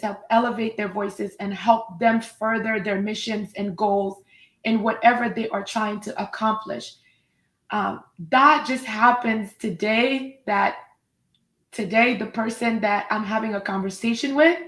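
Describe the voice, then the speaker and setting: A woman's voice: medium pitch, a bit bright, reverberant, poor audio. A woman hosting a live online talk show, effusive and upbeat as she introduces her guest. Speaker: host.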